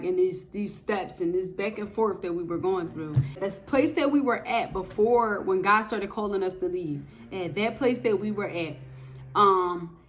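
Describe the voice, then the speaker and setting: A woman giving a casual spoken testimony of faith, telling her story in an animated, emphatic way with lots of repetition. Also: mid-range voice.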